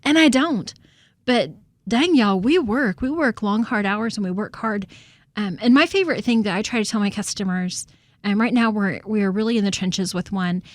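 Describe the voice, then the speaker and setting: A woman talks through a casual podcast chat, laughing often and doubling her words as she starts. Her voice sits at a middle pitch, recorded dry and close with no room sound. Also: normal speed, no echo. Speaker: co-host and real estate agent.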